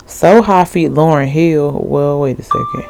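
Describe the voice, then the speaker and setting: A woman's voice: low voice, a little slow, creaky, noisy background. A woman in her twenties hosting a solo podcast in a rambling, slangy chat full of asides and fillers. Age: 20s. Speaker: podcast host.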